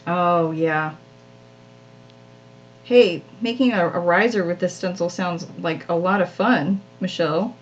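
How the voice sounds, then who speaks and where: A craft channel host runs a live crafting stream, chatting casually with viewers as she works and often laughing at herself in a self-deprecating way. Her voice is on the low side and a little slow, and the recording is muffled.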